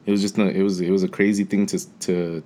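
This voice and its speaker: A man's voice: low-pitched, flat delivery, fast talker, dark tone. A man co-hosting a casual podcast, telling stories animatedly and laughing often. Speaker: podcast co-host. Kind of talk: casual storytelling chat.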